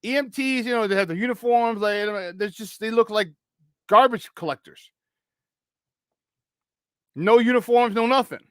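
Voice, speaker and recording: A man with a high voice tells a story on a morning sports show, acting out each person he meets. He restarts sentences often and swears without a second thought. The sound is dry and close, with no room around him. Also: fairly quick, clear, resonant tone, dry recording. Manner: animated, acts out the people in his story; swears casually, many restarts. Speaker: sports talk show co-host.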